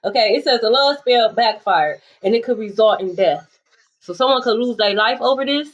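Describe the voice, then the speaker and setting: A woman's voice: fairly high pitch, moderate pace, highs cut off. Blunt, sassy woman reading tarot. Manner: emphatic, repeats phrases. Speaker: tarot reader. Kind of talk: casual tarot reading monologue.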